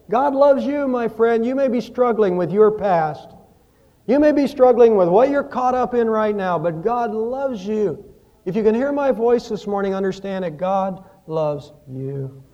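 Pastor guy preaching, high voice, dull lo-fi sound. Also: warm tone. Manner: preaching with rising and falling emphasis, storytelling. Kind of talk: sermon.

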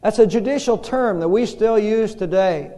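A male pastor preaching a sermon in a church, telling stories slowly and dramatically with pauses. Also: high voice, mellow. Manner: slow, dramatic storytelling with pauses. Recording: reverberant hall.

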